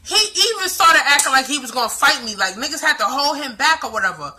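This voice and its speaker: A woman's voice: sits high, lively intonation, quick pace, pushed and bright. A young woman from the Bronx with a New York accent, telling a personal story to camera in a blunt, profane, slang-heavy way. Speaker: vlogger.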